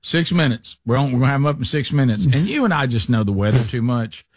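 A man's voice: medium pitch, fast talker, breathy edge, dry recording. Man, radio host, casual storytelling, teasing, dry close mic. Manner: animated storyteller, acts out quotes, teasing.

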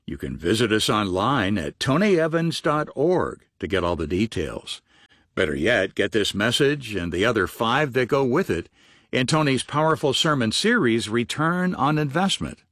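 A man reading scripted announcements for a radio ministry program in an even announcer manner. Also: mid-range voice, dry recording, clean studio sound.

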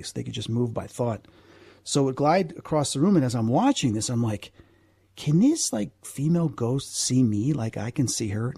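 Male guest, mellow and husky, animated storyteller with asides, dry close sound. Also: medium pitch, no echo. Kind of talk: storytelling in a conversation.

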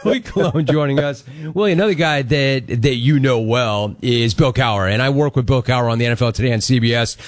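A man's voice: mid-range voice, brisk, few pauses. A man hosting a sports talk interview, emphatic and enthusiastic.

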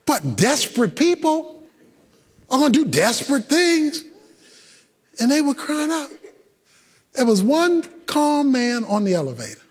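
High-pitched, animated shouting preacher. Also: male voice, moderate pace, breathy edge, long reverb tail. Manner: emphatic preaching, shouting and sing-song cadence. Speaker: pastor. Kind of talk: sermon.

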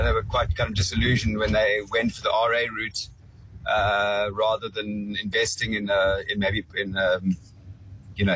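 A man calls in to a radio show, speaking haltingly and stopping often on fillers. His fairly low voice stays flat, with faint noise behind him. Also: low-quality recording.

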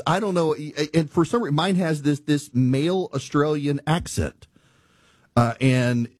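Animated, husky-voiced man ranting. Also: mid-range voice, dry recording, studio quality. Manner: animated storytelling, exasperated. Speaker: talk show host. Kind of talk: ranting monologue.

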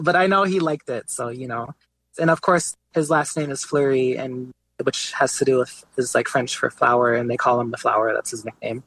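A man's voice: medium pitch, normal speed, rough recording. A man speaking as a guest on an interview show, in a mid-range voice. He tells his story casually and loosely, with many "like"s and "you know"s, as if chatting with a friend. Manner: relaxed, lots of "like" and "you know" fillers.

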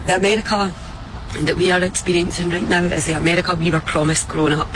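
A Scottish woman giving a heartfelt, grateful message to a city, speaking with emotion and halting restarts. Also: on the low side, fairly even intonation, noisy background. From Scotland. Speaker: visitor addressing a city. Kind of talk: heartfelt address to the public.

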